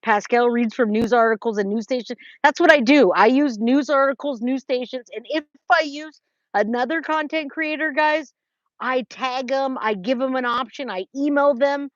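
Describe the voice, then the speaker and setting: A livestream host from California chats with viewers from a trailer, greeting them by name as she reads chat, with plenty of restarts. She speaks at a moderate pace in a high voice. There's no room sound, just dry, slightly dull lo-fi audio.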